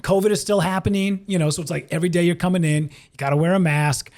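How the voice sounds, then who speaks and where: Guesting on a podcast, this Minnesota man, once a radio host and now a comedian, spins casual anecdotes and performs others' lines in their voices with lots of animation. His voice is high and his delivery fast.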